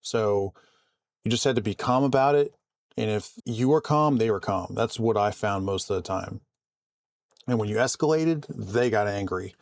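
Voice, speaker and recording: Man, low voice, calm, conversational vlog, dry sound. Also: moderate pace, gravelly, no echo. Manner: calm, conversational, frequent restarts. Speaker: vlogger and IT support worker. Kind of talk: casual storytelling to camera.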